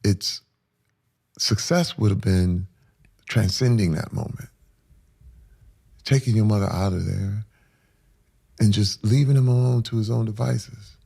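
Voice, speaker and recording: A middle-aged man, a podcast guest, telling an emotional personal story with intensity, acting out what people said. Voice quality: deep gravelly voice. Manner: intense, acts out quotes, swings between hushed and loud.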